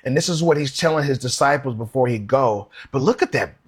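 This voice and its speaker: A man's voice: medium pitch, animated, a little fast, slightly rough. A man preaching a sermon, earnestly reading scripture aloud and asking rhetorical questions.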